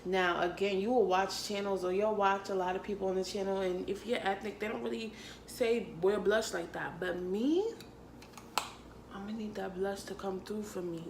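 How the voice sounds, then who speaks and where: A woman's voice: mid-range voice, fairly even intonation, moderate pace, darkish tone, a little hiss or hum. A young adult woman and makeup artist talking through a casual makeup tutorial, sassy and playful, calling her viewers honey and sis and laughing often. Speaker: makeup artist and beauty vlogger. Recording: echoey room.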